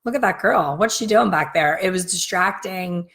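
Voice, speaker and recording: A middle-aged woman with a slightly raspy voice tells a long, rambling story straight to her viewers. She talks casually and acts out the lines of the people in her story. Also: on the low side, normal speed, a bit bright. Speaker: hair colorist and business coach. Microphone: facing camera, talking straight to viewers.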